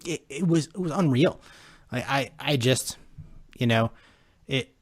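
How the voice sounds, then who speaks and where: A man co-hosting a sports podcast from a room at home, retelling a story animatedly with halting restarts. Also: mid-range voice, slightly rough, dry recording, clean studio sound. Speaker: podcast co-host. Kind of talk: casual sports chat.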